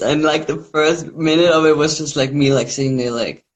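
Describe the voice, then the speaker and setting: A man's voice: a little high, moderate pace. A young man chatting casually as a livestream guest, laughing and self-mocking. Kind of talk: casual chat. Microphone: phone.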